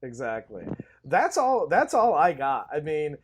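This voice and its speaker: Lively laughing male movie podcaster. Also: fairly high pitch, a little slow, a little hiss or hum. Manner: laughs often, joking and excitable. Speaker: podcast co-host reviewing movies. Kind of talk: casual chat.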